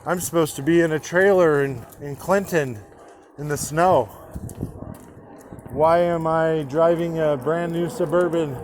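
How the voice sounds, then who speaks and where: A man speaking candidly to his own camera, halting with restarts and casual swearing, in an inspirational personal monologue. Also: fairly high pitch, steady tone, a little mellow, a little hiss or hum. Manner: halting, with frequent restarts and fillers.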